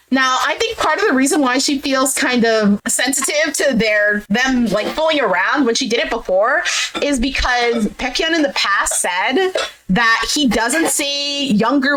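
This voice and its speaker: A woman's voice: a little high, a bit bright, rough recording. A woman casually recapping a reality show, blunt and opinionated, with lots of "like" fillers. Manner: chatty, heavy use of "like" fillers. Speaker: recap vlogger.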